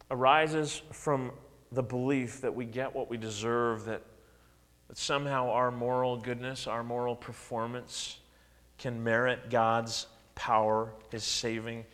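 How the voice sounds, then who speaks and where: A man preaching a sermon, his delivery swinging widely in pitch and loudness as he acts out quotes. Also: big-room sound. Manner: animated preaching with dramatic swings in pitch and volume, acted-out quotes. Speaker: pastor.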